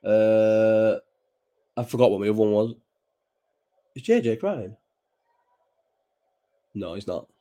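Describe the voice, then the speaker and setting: A man's voice: fairly low pitch, takes it slowly, long pauses, mellow. A man, rambling and chatty and swearing freely while hosting a casual late-night live chat from home. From Bolton, England. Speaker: live stream host. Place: at home at night, child nearby.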